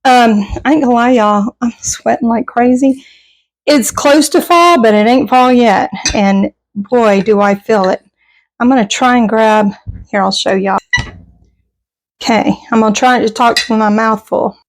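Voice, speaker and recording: A woman's voice: fairly high pitch, measured pace, poor audio. A woman chatting casually in her home kitchen, folksy and self-deprecating as she cooks and tastes. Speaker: home cooking vlogger. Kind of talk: casual cooking vlog chat.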